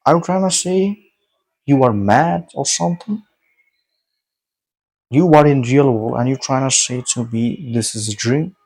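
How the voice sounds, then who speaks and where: A man's voice: medium pitch, a little mellow. A man voicing an angry man who owns a bird's nest, firing off incredulous questions. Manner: incredulous, rapid-fire questioning.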